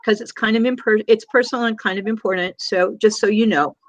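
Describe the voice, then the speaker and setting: A woman's voice: medium pitch, steady tone, a little fast, no room sound. A woman on a video call, effusive and full of compliments and endearments. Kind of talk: casual chat.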